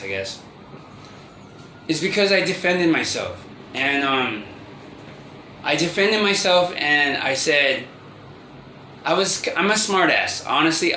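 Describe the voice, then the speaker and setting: Bright-voiced man in his thirties, rambling. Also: mid-range voice. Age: 30s. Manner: rambling, halting, with many restarts and fillers. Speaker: vlogger. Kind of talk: confessional monologue to camera. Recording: roomy echo with faint ambient noise.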